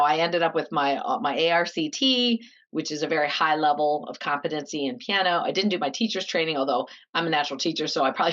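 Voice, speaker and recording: Middle-aged woman from Canada, lively storyteller, a bit low-pitched, muffled lo-fi recording. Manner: animated, laughs often, acts out quoted voices. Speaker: guest. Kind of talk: casual storytelling interview. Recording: slightly dull lo-fi audio.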